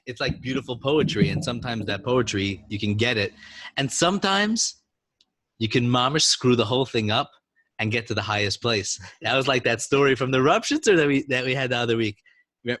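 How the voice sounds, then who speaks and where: Lively man telling stories, bright voice. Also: medium pitch, dry recording. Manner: animated storyteller who laughs often. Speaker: podcast co-host. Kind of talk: casual chat, storytelling.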